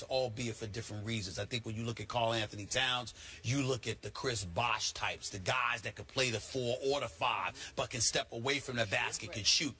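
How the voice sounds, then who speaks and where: A man on a sports debate show, talking fast and animated and building up to shouting rants. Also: medium pitch. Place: TV studio.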